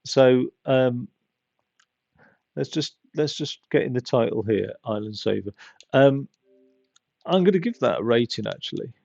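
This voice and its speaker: A man's voice: medium pitch, lively intonation, measured pace, vocal fry, pauses often, darkish tone, no echo. A man giving casual, rambling gameplay commentary with chatty, self-mocking asides on a slightly dull, lo-fi mic. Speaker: gaming channel host.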